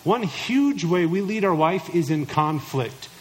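A man's voice: a little high, animated, a little slow, poor audio. A middle-aged man preaching a sermon to husbands, emphatic and direct, acting out imagined listeners in mock voices. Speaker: pastor.

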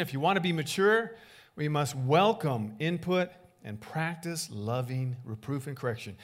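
A man preaching a sermon as a pastor, animated, acting out short dialogues with big swings in loudness. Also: mid-range voice, a little slow.

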